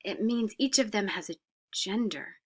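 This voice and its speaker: A woman's voice: medium pitch, expressive, moderate pace, breathy edge. A woman French teacher explaining grammar in a recorded lesson, patient, with frequent "uh" fillers and whispered examples.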